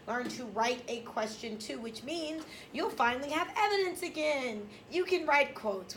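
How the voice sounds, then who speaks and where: A woman teaching a high school English class, lecturing in a blunt, sassy, emphatic way. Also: fairly bright tone, slight background noise.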